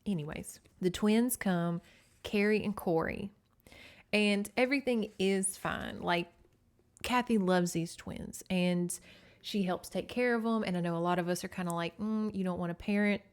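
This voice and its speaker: A woman's voice: medium pitch, unhurried. Southern woman host, casual sardonic book recap, conversational, middle register. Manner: chatty and sarcastic, with many asides. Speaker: podcast host.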